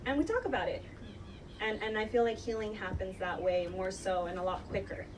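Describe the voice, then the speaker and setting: A woman's voice: mid-range voice, fairly even intonation, fairly quick, recorded from a distance, noisy background. A woman host of a live podcast panel, telling stories in a chatty way and laughing often.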